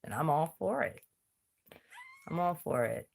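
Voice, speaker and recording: Slow, low-voiced woman hosting a livestream. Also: expressive, gravelly. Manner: drawling, taunting and challenging. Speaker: YouTube livestream host. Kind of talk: casual livestream chat.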